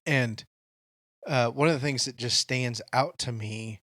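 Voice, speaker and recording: A man's voice: mid-range voice, unhurried, fairly bright tone, dry recording, clean studio sound. A man co-hosting a podcast, speaking in an earnest, reflective way in casual discussion. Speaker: podcast co-host.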